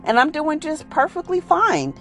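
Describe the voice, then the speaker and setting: A woman's voice: high voice, wildly swooping pitch, normal speed, fairly bright tone, faint music behind, voice pushed up, exaggerated voice. A woman voicing a laid-back, boastful male tomcat who talks in casual slang about his new life.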